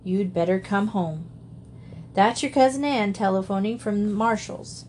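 A woman's voice: mid-range voice, a little slow, a little mellow, slight background noise, lightly acted. A woman voicing a kindly older farm aunt who speaks soberly and unsteadily. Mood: shaken.

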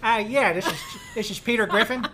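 A man's voice: high-pitched, fairly quick, bright, forceful tone, a little hiss or hum, voice pushed up. A man putting on a goofy, nasal Boston cartoon dad as an impression. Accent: Boston, as put on. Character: bumbling middle-aged cartoon dad, Boston-ish.

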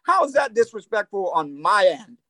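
A man's voice: high-pitched, big pitch swings, normal speed, pushed and bright, no room sound. A man talking on a phone or video call in a casual chat, blunt and indignant, swearing and laughing between his points.

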